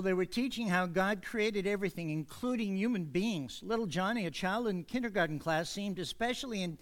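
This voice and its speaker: A man preaching a sermon in a church, easygoing and joking at first, then slowing and stretching key words for emphasis. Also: high-pitched. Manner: warms up with jokes, easygoing asides. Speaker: pastor. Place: church sanctuary.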